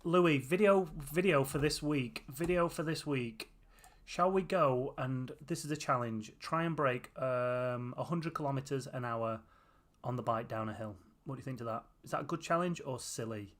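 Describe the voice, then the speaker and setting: A man's voice: medium pitch, normal speed. A tired man chatting casually to viewers on a live stream, with a runny nose. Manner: tired, chatty, often laughing.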